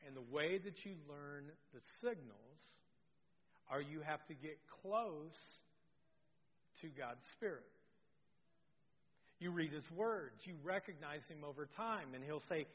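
A middle-aged male pastor preaching a sermon, telling a story in a lively, self-deprecating way. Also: high voice, measured pace. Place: church sanctuary. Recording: dull sound with long hall reverb.

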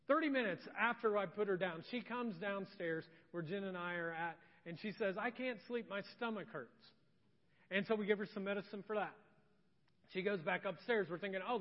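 A male pastor telling a family story in a sermon, animatedly acting out the dialogue. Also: high-pitched. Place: church sanctuary. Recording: dull reverberant church recording.

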